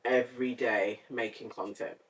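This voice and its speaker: A woman co-hosting a podcast in casual chat, lively and quick to laugh. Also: rumbling low, far from the mic. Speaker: podcast co-host.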